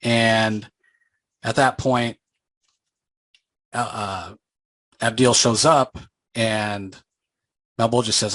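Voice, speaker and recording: A man's voice: lowish voice, steady tone, extremely slow, long pauses, fairly bright tone, no echo, poor audio. A man casually recapping a comic book story in a loose, conversational way, with plenty of fillers.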